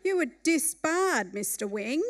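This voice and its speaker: A woman voicing a stern male judge who speaks firmly and lectures a litigant in measured terms. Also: very high voice, very animated, fairly bright tone, voice pushed up, heavily acted.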